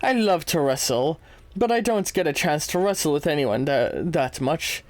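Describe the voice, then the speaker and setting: A man's voice: a little high, expressive, moderate pace, darkish tone, dry recording, lightly acted. A man voicing a posh, jovial young adventurer in a put-on British accent, reading comic dialogue aloud in a hearty, chummy way and sometimes stumbling over the lines.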